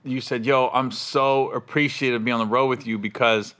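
A man telling stories in casual chat, animated and acting out quotes. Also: mid-range voice, a little fast. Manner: animated storyteller, acts out quotes. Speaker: comedian and podcast host.

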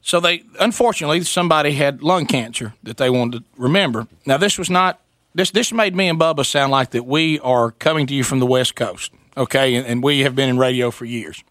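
Bright-voiced, animated man retelling a story. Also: mid-range voice, fairly quick, no room sound, clean studio sound. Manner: animated, breaks into impressions of the people in his stories. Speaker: radio co-host. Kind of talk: comic storytelling on radio. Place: radio studio.

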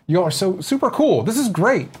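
A man's voice: high voice, big pitch swings, fairly quick, a little mellow, a little hiss or hum. A man appearing as a guest on a talk show, friendly and enthusiastic in casual chat.

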